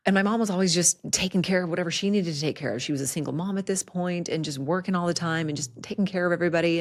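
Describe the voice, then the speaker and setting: Woman, podcast host, low voice, gravelly, candid storytelling, animated. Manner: candid, animated, frequent laughs and asides. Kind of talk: personal storytelling.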